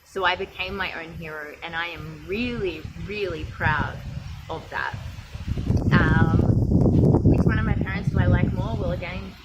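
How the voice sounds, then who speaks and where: Woman, Australian accent, young adult, candid reflective vlog talk, lowish voice, noisy outdoor pool setting. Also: unhurried, muffled recording. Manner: candid, reflective, with frequent restarts and fillers. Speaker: vlogger. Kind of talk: casual personal talk to camera.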